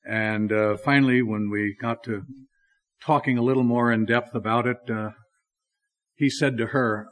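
A male pastor giving a sermon, telling stories at an easy pace with frequent fillers. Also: medium pitch. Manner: unhurried storytelling with many fillers.

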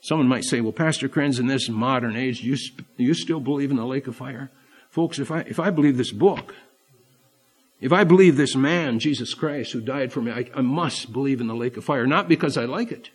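An older man, a Baptist pastor, preaching an earnest sermon that swells and drops in volume for emphasis. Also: on the high side.

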